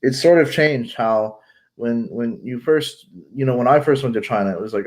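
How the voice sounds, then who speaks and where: A man's voice: medium pitch, moderate pace, darkish tone. Blunt, rambling man. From United States. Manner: rambling, blunt, profane, many fillers and restarts. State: congested with allergies. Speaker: vlogger. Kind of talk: casual chat.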